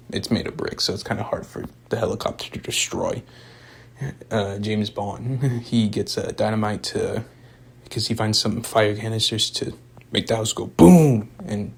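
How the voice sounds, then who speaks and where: Low, gravelly young man rambling. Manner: rambling, full of "like" and "um" fillers; laid-back, chuckles now and then. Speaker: movie reviewer. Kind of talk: casual spoken movie review.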